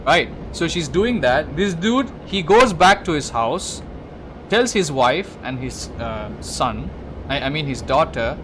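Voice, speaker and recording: A man's voice: mid-range voice, animated, moderate pace, background noise. A man on a gaming livestream, retelling a film plot casually, rambling with many restarts and swearing. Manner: rambling, lots of restarts and swearing, talks to the listener directly.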